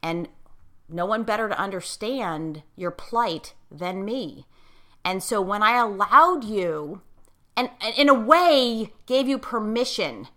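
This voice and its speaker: In a mid-range, pushed and bright voice, a middle-aged woman talks casually like a coach, with emphasis and frequent check-ins with her listener. She gets choked up while sharing a moving personal story.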